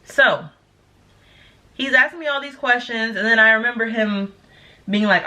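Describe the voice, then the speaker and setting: Bright, animated young woman telling a story. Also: moderate pace. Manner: animated, acts out quotes with big pitch jumps. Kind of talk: casual storytime.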